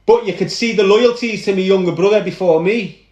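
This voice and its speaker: A man with a Liverpool accent tells a story from his past in a high, lively voice, speaking straight to the people listening. He sounds like he is in a roomy, echoing space. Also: a little fast, muffled recording. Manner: animated, addresses listeners directly. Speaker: guest recounting his past. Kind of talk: dramatic first-person storytelling.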